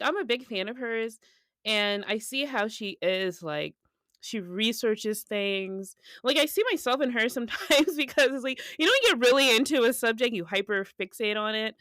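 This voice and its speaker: Giggly animated woman podcast co-host. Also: on the high side, smooth, dry recording. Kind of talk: casual chat.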